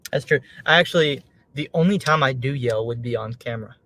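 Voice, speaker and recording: Laughing man in his twenties, bright voice. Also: mid-range voice, brisk. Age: 20s. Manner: laid-back, laughs often. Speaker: livestream host. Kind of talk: casual chat. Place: car.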